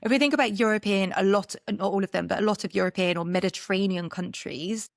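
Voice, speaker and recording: A woman's voice: mid-range voice, fast talker, vocal fry, no room sound, clean studio sound. A woman from Britain co-hosting a casual podcast, explaining her points in a chatty, emphatic way. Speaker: podcast co-host.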